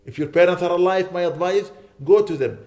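A man delivers a sermon in an earnest, pleading way, pressing his points with indignant emphasis. His voice is mellow and somewhat high for a man. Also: fairly quick. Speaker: imam.

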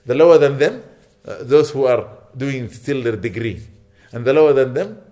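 Warm in tone and mid-range in pitch, a man delivers a mosque sermon at normal speed. He presses points through repetition, checks in with an "Okay?", and threads Arabic phrases and recitation throughout.

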